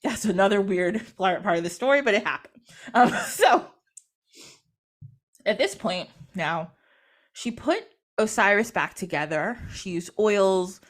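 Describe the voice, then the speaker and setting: A woman's voice: medium pitch, animated, measured pace, pauses often. A woman retelling a myth in casual storytelling style, chatty, acting out the characters through quoted dialogue. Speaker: podcast host or guest.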